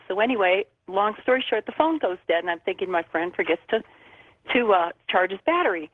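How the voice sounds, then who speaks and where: A woman's voice: mid-range voice, animated, quick pace, no echo. A woman from Arizona phoning in to a radio show, telling a long, meandering story. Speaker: caller. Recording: tinny phone line.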